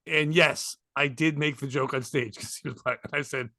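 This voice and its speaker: A man with a mid-range voice at a normal speed tells comedy stories as a podcast guest, recorded in a clean studio with no echo. He is animated, laughs frequently and acts out what others said.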